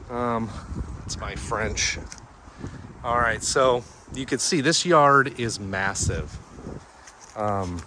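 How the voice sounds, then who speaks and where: A man strolls through a house and yard with a handheld camera, narrating at a slow, easy pace. He sounds a little out of breath and keeps up a chatty, joking running commentary. A faint hiss of background noise sits under his voice. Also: fairly low pitch, bright, forceful tone. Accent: Texan. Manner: chatty and jokey, points things out in quick lists. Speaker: real estate agent giving a home tour. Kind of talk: casual walkthrough narration while filming. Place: inside a house and its backyard. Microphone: handheld camera he is carrying.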